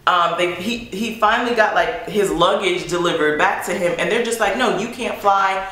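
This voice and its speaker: A woman vlogger telling a story in a chatty, animated way, with swearing. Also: lowish voice, moderate pace. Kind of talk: storytime monologue. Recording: very echoey room.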